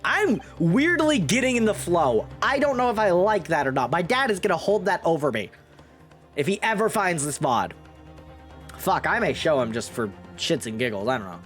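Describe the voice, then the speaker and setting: A man's voice: on the high side, big pitch swings, normal speed, a bit bright, soft background music. A man streaming a video game, giving wry, sarcastic casual commentary. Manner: wry, sarcastic, swears freely.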